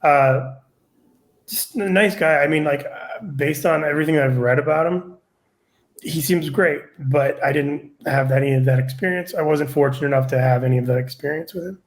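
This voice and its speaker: Middle-aged male comic guest, slightly high voice, rambling, profane storyteller. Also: moderate pace. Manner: rambling, filler-heavy, profane. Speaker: comedian guest. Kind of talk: casual storytelling.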